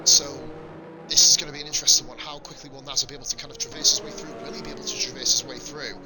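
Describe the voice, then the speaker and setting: A young man giving live commentary on an online racing league, excitable and sweary, laughing at crashes. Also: fairly high pitch, very fast, over music, low-quality recording. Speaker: esports race commentator.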